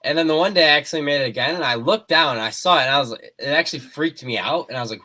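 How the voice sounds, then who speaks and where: A man's voice: fairly high pitch, animated, very fast, hardly any pauses, pushed and bright. A man in his twenties co-hosting a live stream, cracking dry jokes in casual chat. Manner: joking, dry one-liners. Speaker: co-host of a clothing resale channel.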